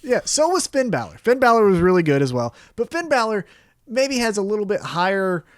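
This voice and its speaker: Podcast co-host, man, fairly high voice, salty and animated, dry close mic. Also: brisk, no room sound. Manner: profane, animated, acts out quotes in raised voice. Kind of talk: casual wrestling review chat.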